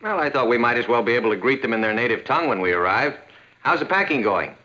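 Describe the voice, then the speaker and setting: An easygoing middle-aged father who talks in a bright, lively, reassuring voice. The audio is dull, like an old sitcom soundtrack. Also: mid-range voice, fast. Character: cheerful reassuring family father. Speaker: father of the family.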